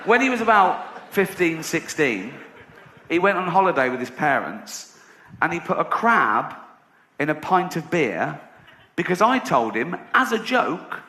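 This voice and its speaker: A man's voice: on the high side, sing-song, unhurried, pushed and bright. A middle-aged man from England, doing brash, profane stand-up storytelling. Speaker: comedian. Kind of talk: stand-up comedy. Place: live comedy venue. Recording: echoey live venue with room noise.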